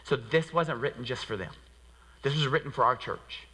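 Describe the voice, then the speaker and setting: Bright-voiced pastor preaching in a reverberant hall. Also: male voice, medium pitch, normal speed, breathy edge. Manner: conversational and animated, with many rhetorical "right?" asides. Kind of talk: sermon. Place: church sanctuary. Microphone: handheld microphone.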